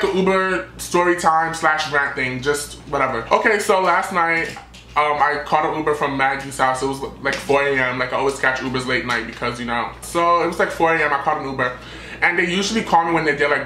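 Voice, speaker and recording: Brief: young male vlogger, fast and bright, animated storytime rant, echoey room. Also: fairly high pitch, slight background noise. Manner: animated, dramatic retelling with quoted voices.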